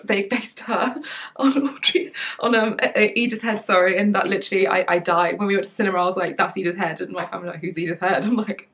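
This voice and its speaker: Gushing woman with gravelly edges. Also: mid-range voice, fairly bright tone. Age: young adult. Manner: gushing, enthusiastic, many fillers and restarts. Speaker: sewing channel host. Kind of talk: casual chat.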